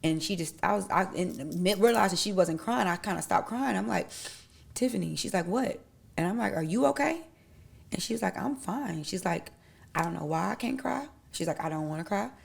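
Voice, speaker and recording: Gravelly-voiced woman telling her story. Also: mid-range voice, brisk. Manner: candid, animated retelling with acted-out quotes. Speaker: podcast guest. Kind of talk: casual conversation, personal storytelling.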